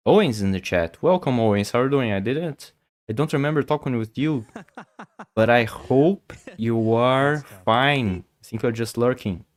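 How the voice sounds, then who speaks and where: At normal speed and in a mid-range voice, a Portuguese-speaking man makes casual conversation with viewers on his chess livestream, frequently stammering and repeating words.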